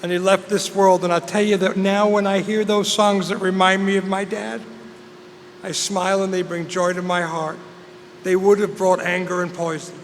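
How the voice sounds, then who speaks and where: A middle-aged Englishman earnestly shares his personal story as a speaker at a recovery meeting, giving a testimony in a large hall. His voice is high-pitched and flat at normal speed, with long hall reverb and faint noise.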